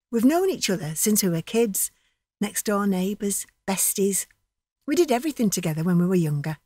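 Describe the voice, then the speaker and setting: A woman's voice: fairly low pitch, dark tone, slightly rough, no echo, clean studio sound. A woman narrating a dramatic monologue in a chatty, vivid storytelling manner.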